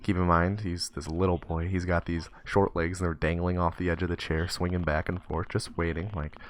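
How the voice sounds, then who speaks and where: Low-voiced young guy rambling a story on stream, lots of ums and likes, does squeaky character voices. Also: level tone, brisk. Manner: rambling with many fillers and restarts; acts out the kid and teacher in high squeaky voices. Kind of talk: casual storytelling while gaming.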